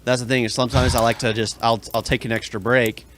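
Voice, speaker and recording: A man's voice: medium pitch, level tone, fast talker, a bit bright, slight background noise. A young man telling long, rambling work stories in a casual podcast chat. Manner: rambling storyteller, many restarts. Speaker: podcast co-host.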